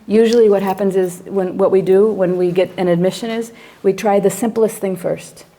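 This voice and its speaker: Animated woman telling a clinical story. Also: mid-range voice, normal speed. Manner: animated storyteller acting out her own reactions. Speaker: psychologist teaching a class. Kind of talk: storytelling lecture to a class.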